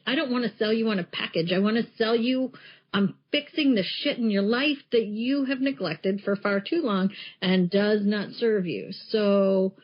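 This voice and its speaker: A woman co-hosting a podcast as a coach, talking frankly and emphatically and swearing freely. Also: mid-range voice. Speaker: podcast co-host and life coach. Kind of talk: casual chat. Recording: muffled lo-fi podcast audio.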